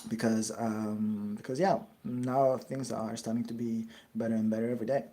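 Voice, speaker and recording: A man answering follower questions in a casual chat, halting as he searches for English words. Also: fairly low pitch, little pitch movement, warm tone, slight background noise.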